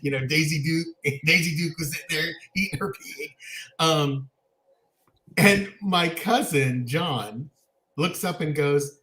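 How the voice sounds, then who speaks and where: Animated storytelling man in an echoey room. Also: a little high, takes it slowly. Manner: animated storyteller, laughs often. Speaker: co-host. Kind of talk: casual chat, storytelling.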